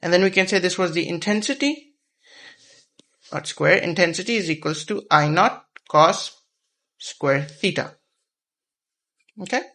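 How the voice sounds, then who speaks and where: A man's voice: high voice, lively intonation, a little slow, long pauses, sharp tone. A man teaching a whiteboard physics lesson, explaining patiently step by step and repeating key terms.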